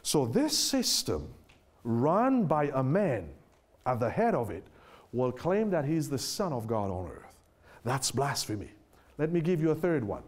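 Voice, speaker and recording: A man preaching a sermon who stresses his points, asks his listeners rhetorical questions and reads scripture aloud slowly. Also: mid-range voice, very animated.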